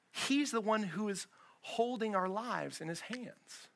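Guy pastor giving a sermon in church, chatty, lots of rhetorical questions, kinda high bright voice. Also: expressive, moderate pace. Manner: conversational preaching with rhetorical questions.

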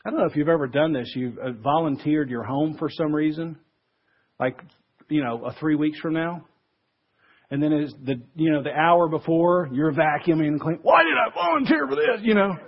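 A man with a fairly high, husky voice preaches a relaxed, conversational sermon. He slips into little acted voices when he quotes people. The recording sounds dull and lo-fi. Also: normal speed. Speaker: pastor.

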